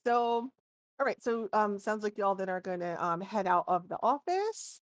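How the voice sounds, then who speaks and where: A woman's voice: medium pitch, expressive, moderate pace, no room sound, clean studio sound. A woman running a tabletop game as dungeon master, thinking aloud as she describes the scene.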